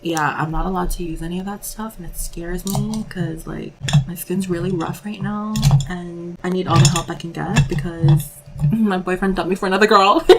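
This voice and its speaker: Young female beauty vlogger, casual and candid, with a low, gravelly voice. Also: slight background noise, poor audio. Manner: candid, rambling, peppered with 'like'. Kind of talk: casual makeup vlog chat.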